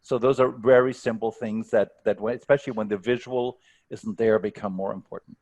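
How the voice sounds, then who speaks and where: Male speaking coach, fairly low-pitched, earnest, stumbles into restarts, heard over a video call. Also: fairly even intonation, fairly quick, a little mellow. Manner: earnest, stumbling restarts, leaning on key words. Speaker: speaking coach, workshop guest. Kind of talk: coaching advice in a Q&A.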